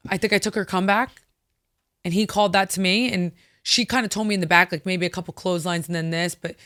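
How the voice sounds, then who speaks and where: A woman in her thirties with a fairly low voice tells a story as an interview guest, animated and quick to put on voices for the people she quotes, swearing now and then. The sound is close and dry, with no room around it. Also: dry recording. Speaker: interview guest, former wrestler. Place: studio.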